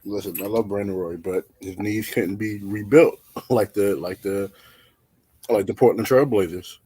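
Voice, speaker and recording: Man, low husky voice, teasing joker co-host. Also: moderate pace, dark tone, no room sound. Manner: teasing, joking. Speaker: podcast co-host. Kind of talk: casual sports chat.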